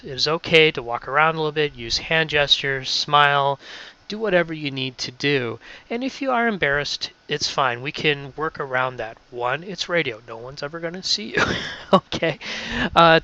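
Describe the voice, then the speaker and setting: A man's voice: fairly high pitch, sharp tone, clean tone, dull audio. A man leading a casual training talk for radio volunteers, friendly and often checking in with "okay?".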